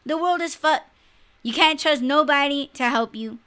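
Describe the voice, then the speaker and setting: Blunt, profane woman with a bright voice. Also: sits high, moderate pace. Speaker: podcast co-host. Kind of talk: casual livestream podcast rant.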